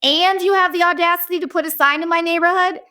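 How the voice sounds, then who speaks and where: A woman's voice: very high-pitched, fairly even intonation, fast talker, bright, forceful tone. A woman in her forties hosting a podcast, telling a comedic story in a blunt, profane, ranting way. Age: 40s. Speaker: podcast host. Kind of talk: casual comedic storytelling monologue.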